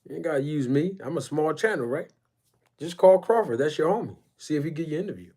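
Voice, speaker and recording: A man hosting a casual boxing live stream, rambling and emphatic as he shouts out chat viewers by name. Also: a little high, lively intonation, fast, breathy edge. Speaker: boxing YouTube channel host.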